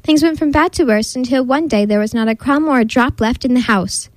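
A woman hosting a storytelling show, reading a picture book aloud with expressive narration. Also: sits high, fairly quick, dry recording. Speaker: host and storyteller.

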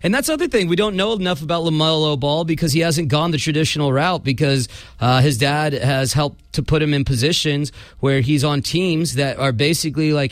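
A man's voice: on the high side, a little fast, dry recording. A man hosting a casual sports podcast, rambling with lots of ums and uhs. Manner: rambling, filler-heavy delivery. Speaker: podcast host.

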